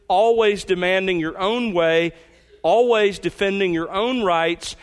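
A man preaching as pastor, earnest, asking his listeners pointed questions and slowing down for emphasis. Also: sits high. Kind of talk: sermon.

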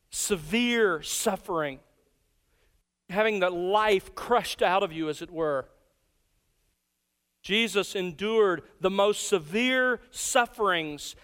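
A man preaching an expository sermon, slowing down to stress key words. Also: high-pitched, a bit bright, clean tone, in a large hall.

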